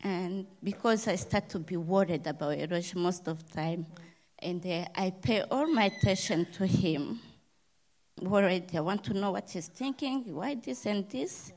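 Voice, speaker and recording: A middle-aged woman tells her church testimony slowly and haltingly. Her voice sits a little low, and she searches for words in non-native grammar. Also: darkish tone, low-quality recording. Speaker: church member giving testimony.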